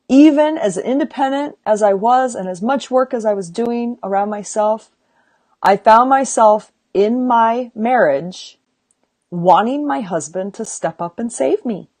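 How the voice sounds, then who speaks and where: Woman podcast host, slow and deliberate, earnest motivational talk, keeps checking in with "right?". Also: fairly high pitch, darkish tone, dry recording. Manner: earnest and emphatic, building to rallying calls; unhurried, with frequent rhetorical "right?". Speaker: podcast host and women's circle leader.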